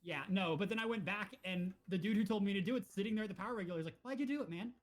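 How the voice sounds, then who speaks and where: A man with a fairly high voice chats casually on a gaming podcast. He tells his stories with energy and acts out the lines of the characters he met. The talk is loose and full of fillers. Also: rapid-fire. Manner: animated storyteller, acts out game characters' lines. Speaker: podcast co-host.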